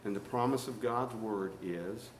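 A man preaching a sermon, swinging from soft and low to loud and high. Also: unhurried, slight background noise.

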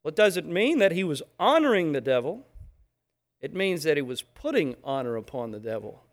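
A man preaching a sermon, emphatic and animated, acting out little scenes as he teaches. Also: on the high side, normal speed.

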